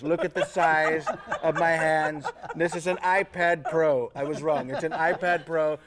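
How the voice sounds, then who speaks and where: A man's voice: a little high, natural voice. A comedian doing an impression of a brash, boastful male politician, bragging and piling on superlatives.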